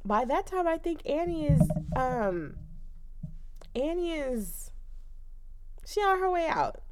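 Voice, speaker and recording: A woman's voice: high-pitched, slow, slight background noise. A woman co-hosting a casual chat, recapping a story with blunt remarks and frequent laughter. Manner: animated, laughs often, blunt.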